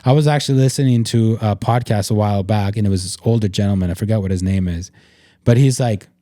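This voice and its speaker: A man in a casual faith-based podcast talk, with a mellow, warm tone. He speaks in an earnest, reflective way, and his sentences are loose and full of "like." The sound is dry, with no room around it. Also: lowish voice, fast talker, no room sound. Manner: reflective, earnest, filler-heavy with frequent "like". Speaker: podcast host.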